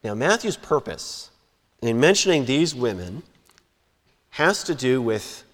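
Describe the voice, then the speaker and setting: Man preaching a sermon, mid-pitched voice, emphatic rises and falls, long hall echo. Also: very animated, a bit bright. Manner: measured, emphatic preaching with lifts and drops.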